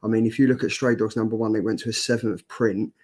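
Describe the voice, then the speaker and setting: Man, fairly low voice, casual comics host, reads chat comments aloud. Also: fairly even intonation, quick pace, a little mellow, slightly rough. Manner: reads viewer comments aloud, laughs easily.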